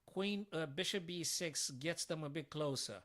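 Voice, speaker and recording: A man's voice: fairly high pitch, moderate pace, a bit bright. A man streaming live chess puzzles, thinking aloud to his viewers and breaking into sudden frustrated outbursts.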